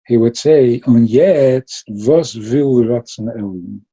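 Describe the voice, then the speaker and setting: Dark, husky-voiced man giving a Chassidic talk. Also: medium pitch, takes it slowly, muffled recording. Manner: lively storytelling, mixing Yiddish and Hebrew terms. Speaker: Chassidic teacher.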